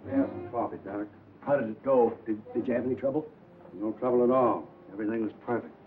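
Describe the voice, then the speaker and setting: An actor playing a tough-talking crook in a 1940s film, using streetwise slang. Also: male voice, mid-range voice, fast talker, natural voice. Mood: uneasy. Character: tough-talking male crook, middle-aged. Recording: tinny old film soundtrack with hiss.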